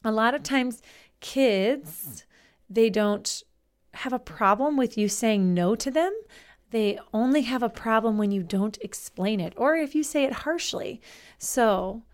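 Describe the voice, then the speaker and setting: Young adult woman, podcast host; slightly high voice, warm-hearted encouraging conversational delivery. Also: lively intonation, measured pace. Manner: gentle, encouraging, conversational with rhetorical questions. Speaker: podcast host, nanny and school educator. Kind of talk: solo podcast advice talk.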